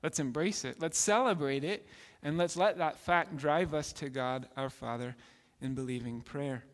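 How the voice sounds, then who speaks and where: A man preaches a sermon in a fairly high voice, earnest and prone to repeating himself and restarting his sentences. He carries his point through a story, building it up patiently. The sound has the long reverb of a large hall. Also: moderate pace. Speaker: pastor.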